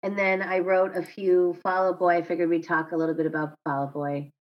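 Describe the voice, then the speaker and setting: A woman's voice: lowish voice, little pitch movement, a little fast. A woman co-hosting a podcast in casual chat, rambling and correcting herself as she goes. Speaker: podcast co-host. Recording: slightly dull lo-fi sound.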